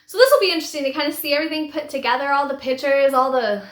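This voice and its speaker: A woman's voice: high voice, very fast, fairly bright tone. Emotional woman vlogger in an echoey room. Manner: heartfelt, rambling with many restarts and laughs. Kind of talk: emotional personal storytelling.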